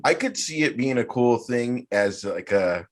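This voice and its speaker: Guy hosting a podcast, animated, swears a lot, mid pitch. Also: unhurried, a little hiss or hum. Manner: animated, swears freely, trails off and restarts. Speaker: podcast host. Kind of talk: casual chat.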